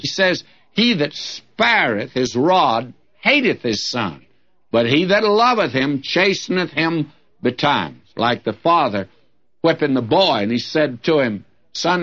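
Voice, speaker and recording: A man's voice: mid-range voice, big pitch swings, a little slow, fairly bright tone. An older male pastor preaching a sermon in a folksy, humorous way, reading scripture with emphatic swings. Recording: dull lo-fi old sermon recording.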